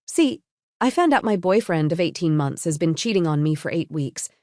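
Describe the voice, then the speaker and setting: A woman voicing a composed young woman who calmly confronts a betrayal, her tone cool and pointed. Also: lowish voice, normal speed, no echo, studio quality, natural voice. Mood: cold. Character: calm, cutting young woman exposing a cheater.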